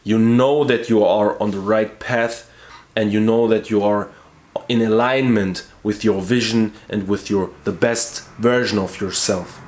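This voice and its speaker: A man's voice: fairly low pitch, fairly even intonation, measured pace, a little mellow. A man talking earnestly to camera as a YouTuber, stressing key words by repeating them and restarting sentences as he searches for words. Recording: roomy echo.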